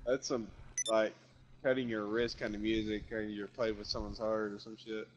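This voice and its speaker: A young man on voice chat, swearing freely and telling a story with animated, exasperated energy. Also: on the low side, normal speed, muffled recording, slight background noise. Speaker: fellow streamer on voice chat. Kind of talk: casual chat.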